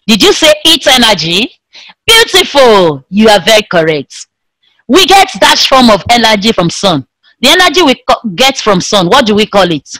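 A woman teaching an online science class to young pupils in a slow, sing-song way, imitating the sounds of animals and objects. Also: fairly high pitch, very animated, fairly bright tone, no echo, rough recording. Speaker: primary school teacher.

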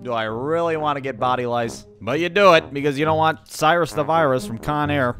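A man's voice: on the high side, fairly quick, fairly bright tone, soft background music. Sardonic, profane male cartoon storyteller. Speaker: comedic storyteller.

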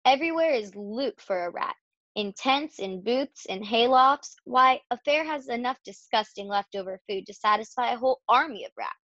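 A wise old sheep talks slowly and temptingly, dwelling on each item, as a woman voices her in a storybook. The recording is dull and dry. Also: fairly high pitch, expressive, a bit bright, no room sound. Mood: persuasive. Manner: lingering over long lists.

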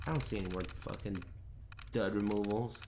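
A man chatting casually while streaming a game, swearing and bursting into shouts and laughs. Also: fairly low pitch, moderate pace, slight background noise. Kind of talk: casual gaming stream chat.

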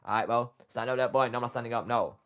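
A young man streaming a reaction, talking casually and excitably, trash-talking his chat and saying "bro" constantly. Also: medium pitch, quick pace, clean tone, dull audio. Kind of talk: casual livestream reaction talk.

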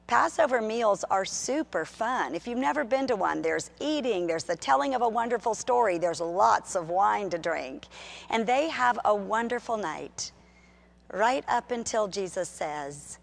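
A middle-aged woman pastor giving a sermon in an animated, conversational storytelling way. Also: mid-range voice, moderate pace, vocal fry.

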